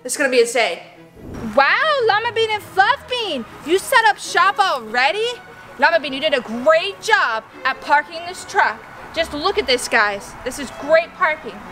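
A woman's voice: high voice, normal speed, reverberant, faint music behind. A young adult woman narrating a playful vlog, talking animatedly to her toy llamas and to viewers. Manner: animated, talks to toys and viewers. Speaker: vlogger playing with toy llamas.

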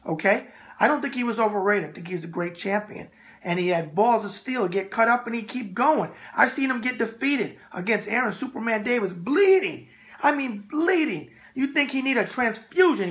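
A man hosting a boxing video mailbag, brash and animated, repeating a catchphrase. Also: sits high. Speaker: boxing show host answering viewer mail. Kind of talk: casual solo video mailbag.

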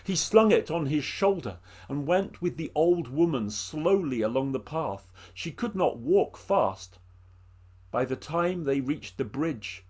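Man from England, storyteller, expressive delivery, fairly high voice. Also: slightly rough. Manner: expressive, addresses listeners by name. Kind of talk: oral storytelling performance.

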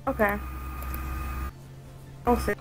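A woman's voice: slow pace, over music, poor audio. A young woman playing a team shooter with her partner, chatting casually, laughing and swearing. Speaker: co-player, host's partner. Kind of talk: casual gameplay chat.

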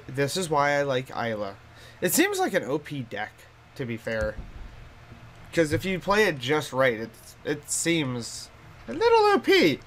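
A man's voice: fairly high pitch, huge pitch swings, unhurried, fairly bright tone, a little hiss or hum. A man casually commenting on his own card game play in a bedroom, thinking aloud, laughing often, his voice and accent shifting. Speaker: streamer. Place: hot bedroom.

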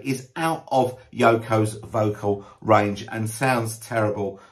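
A man's voice: fairly low pitch, slow pace. A man giving a casual, rambling spoken album review, blunt in his opinions and full of hesitations and restarts. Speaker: music reviewer.

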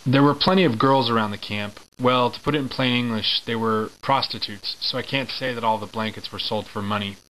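A man casually reading aloud from a wartime memoir, halting and correcting himself, with chatty asides. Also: medium pitch, a bit bright, slight background noise, low-quality recording. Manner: informal, halting, with fillers and self-corrections. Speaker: reader of a memoir.

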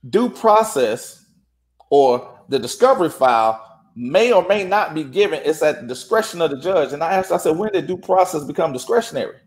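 A man's voice: on the high side, moderate pace. A man telling a courthouse story in casual chat, acting out the dialogue. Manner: animated, acts out quoted dialogue. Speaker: guest.

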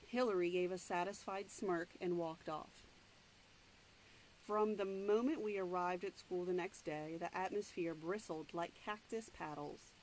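A woman's voice: fairly low pitch, a little mellow, slight background noise, rough recording. A woman reading a novel aloud, stopping now and then to explain the story in her own words. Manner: plain, unhurried read-aloud narration with asides. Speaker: reader.

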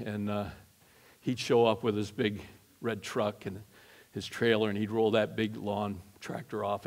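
A middle-aged man giving a storytelling sermon as guest preacher, folksy and animated, his voice jumping up for punch lines. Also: lowish voice. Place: church sanctuary. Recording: long church reverb.

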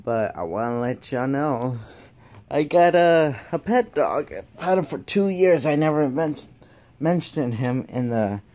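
A man's voice: mid-range voice, big pitch swings, a little slow, a little mellow. Laid-back laughing man vlogging. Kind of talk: casual vlog chat.

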